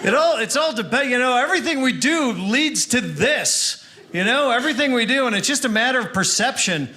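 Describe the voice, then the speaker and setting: Young man, stand-up comic, dry wry delivery, high voice, noisy live recording. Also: lively intonation, fairly quick, bright, forceful tone, a faint crowd. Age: young adult. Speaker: stand-up comedian. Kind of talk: stand-up comedy set.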